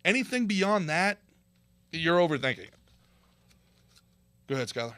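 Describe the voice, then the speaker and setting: A man hosting a political commentary stream, ranting in a sarcastic, animated way and reading viewer comments. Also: a little high, normal speed, no room sound. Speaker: show host.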